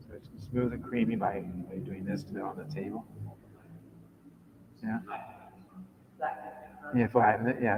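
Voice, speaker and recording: Gravelly man reading in an echoing hall. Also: fairly low pitch, background noise. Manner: halting, restarts often in chat, louder when reading aloud. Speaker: temple devotee reading to a group. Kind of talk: informal reading and talk. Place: temple hall. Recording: dull lo-fi recording in a long-echo hall.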